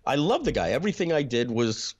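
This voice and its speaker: A man being interviewed, reflectively telling family stories about his upbringing and often clearing his throat. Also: medium pitch, sing-song, fast talker, a little mellow. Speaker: interview guest, internet marketer. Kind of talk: personal storytelling in an interview.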